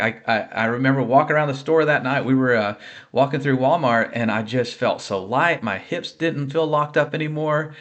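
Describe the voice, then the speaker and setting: A man's voice: mid-range voice, normal speed, fairly bright tone. Earnest man giving a faith testimony. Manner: earnest and conversational, with many fillers and restarts. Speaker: ministry speaker sharing a healing testimony. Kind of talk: personal faith testimony told to camera.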